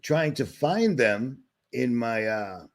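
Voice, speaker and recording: Sharing his screen on a livestream, a Boston host rants in rambling, sarcastic, agitated commentary. He speaks slowly in a medium-pitched, sing-song voice.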